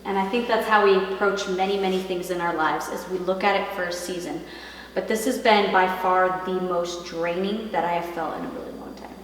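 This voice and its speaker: A woman's voice: lowish voice, steady tone, fairly quick. Woman, heartfelt and upbeat, family vlog co-host, empty room echo, far from the camera, faint room hiss. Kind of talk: casual family vlog chat. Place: large empty house, indoors.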